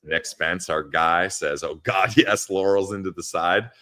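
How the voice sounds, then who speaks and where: Deep-voiced laughing young man. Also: unhurried, fairly bright tone, no echo. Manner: laughs often, reads chat comments aloud. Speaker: podcast co-host. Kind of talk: casual live-stream chat. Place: friend's parents' house.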